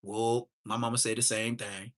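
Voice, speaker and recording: A man's voice: medium pitch, level tone, normal speed. A man from Southern California hosting a livestream, reacting in casual slangy chat and laughing a lot. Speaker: livestream host.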